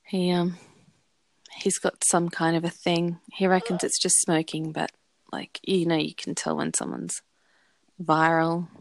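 A woman's voice: fairly low pitch, level tone, a little slow, gravelly, a little hiss or hum. A woman co-hosting a podcast in casual chat, rambling and searching for words. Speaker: podcast co-host.

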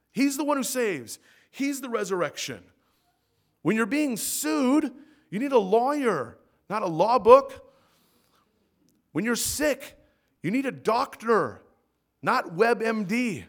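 A man preaching a sermon as pastor in a church, swinging between loud emphatic peaks and soft low asides. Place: church sanctuary.

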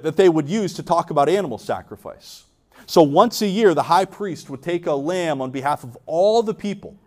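A man's voice: on the high side, a little mellow. An earnest man preaching to his congregation, his voice sitting a little above the usual male range. He often stumbles and repeats words as he restarts a thought, and keeps asking the listeners direct questions. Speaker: pastor. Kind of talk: sermon.

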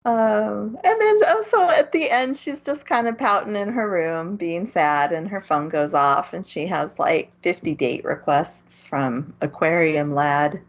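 A woman's voice: on the low side, measured pace, hardly any pauses, dull audio. A woman co-hosting a podcast, recounting a story in casual chat. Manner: recounting a plot with laughs. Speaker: podcast co-host.

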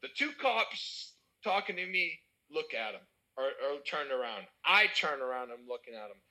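A young American man telling a wild party story in casual chat, animated and swearing. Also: medium pitch, normal speed, poor audio. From United States.

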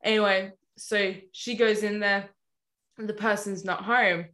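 Woman, average pitch, loose rambling storyteller on a faith chat show. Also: fairly even intonation, unhurried, a bit bright. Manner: rambling storyteller, many fillers like "anyway" and "you know". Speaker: Christian ministry guest or host. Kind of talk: casual conversation, retelling a story.

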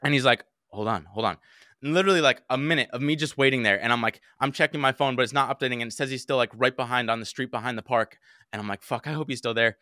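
A young man tells a story on a podcast with a bright, forceful voice, recorded close and dry. He talks in animated, casual chat and swears often. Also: medium pitch, fast talker, no echo. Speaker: podcast co-host.

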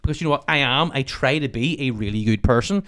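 A man in his thirties with a Northern Irish accent, chatting as a podcast guest, animated and swearing freely. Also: mid-range voice, clean tone. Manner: swears freely, animated storytelling, rapid talk. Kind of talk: casual interview chat.

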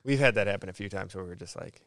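A man's voice: low voice, quick pace, a bit bright, dry recording. A man co-hosting a podcast, chatting casually and laughing along. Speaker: podcast co-host. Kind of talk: casual chat.

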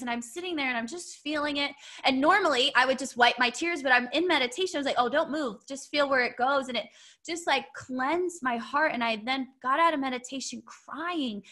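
Here the woman's voice is high and sharp. On a laid-back podcast, she recounts something heartfelt from her life, her telling loose and full of fillers and restarts.

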